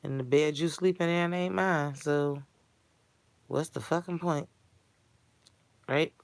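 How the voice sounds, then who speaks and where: A woman delivering a blunt, foul-mouthed comedic rant in streetwise slang that builds to shouting. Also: low voice, steady tone, slow, gravelly, no echo. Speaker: character monologue performer.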